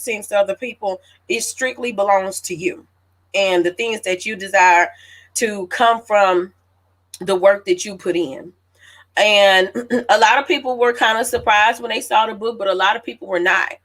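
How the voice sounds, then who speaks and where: An animated woman in her late thirties tells a personal story in a relaxed, chatty way, often turning to her listeners. Her voice sits at an ordinary middle pitch for a woman. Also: moderate pace. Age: late 30s. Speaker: author hosting her own celebration. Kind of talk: casual storytelling to an audience.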